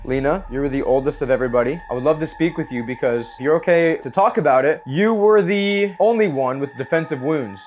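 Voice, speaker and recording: A young man vlogging alone in an old house at night, addressing spirits quietly and shrieking and swearing when startled, hoarse from screaming. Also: fairly high pitch, slight background noise. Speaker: ghost-hunting vlogger. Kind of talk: excited paranormal vlog.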